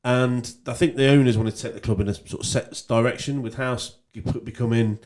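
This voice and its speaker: A man, a DJ guest on a radio show, telling club stories in a relaxed, rambling way. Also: mid-range voice, fairly quick. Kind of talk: casual radio interview. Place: radio studio.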